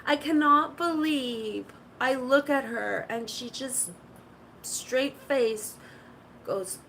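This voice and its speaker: A woman's voice: sits high, lively intonation, measured pace, a bit bright, a little hiss or hum, rough recording. A woman chatting casually to her stream viewers, rambling through stories with lots of "like". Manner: rambling storytelling, full of "like". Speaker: live streamer.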